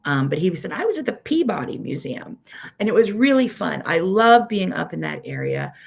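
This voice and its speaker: Her voice is mid-range and sing-song, creaky and slightly rough, delivered at a moderate pace. She's a quilting teacher from Pittsburgh, USA, with a Pittsburgh accent, hosting a casual weekly livestream, rambling chattily with many "um"s as she says hello to viewers by name.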